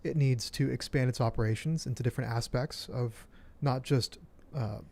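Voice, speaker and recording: A man appearing as a guest commentator on a talk show, making a measured argument in a dry, sarcastic way. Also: mid-range voice, creaky, dark tone.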